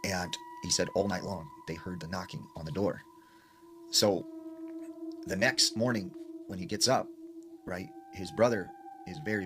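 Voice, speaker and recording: A man casually retelling a scary story he heard, talking in a loose, conversational way with lots of fillers. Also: sits low. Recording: noisy ambient recording.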